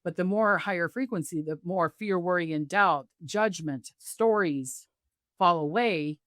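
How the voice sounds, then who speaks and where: A woman guest, a psychic medium, telling stories on a video call and acting out the voices of others with big jumps in pitch. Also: a little slow, fairly bright tone, dry recording, clean studio sound. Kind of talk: animated storytelling interview.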